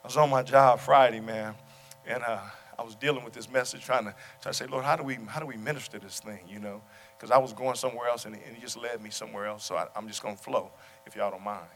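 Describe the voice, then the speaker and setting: A male pastor preaching a sermon to his congregation, talking through stories and repeating his question, at times rising to loud exclamations. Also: medium pitch, steady tone, quick pace, slight background noise. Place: church sanctuary. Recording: long hall reverb.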